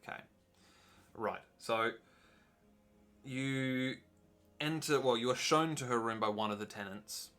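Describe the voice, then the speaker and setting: A man's voice: medium pitch, a little slow, pauses often, sharp tone, faint music behind. A man narrating as game master of a tabletop game, hesitant and full of ums. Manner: hesitant, lots of ums and "sort of".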